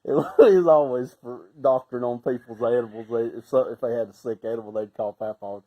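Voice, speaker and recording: A middle-aged man with a Southern Appalachian accent, telling casual stories in a folksy way, laughing often and sometimes breaking into loud shouts. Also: medium pitch, fairly even intonation, brisk, highs cut off. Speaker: storyteller. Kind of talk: casual storytelling.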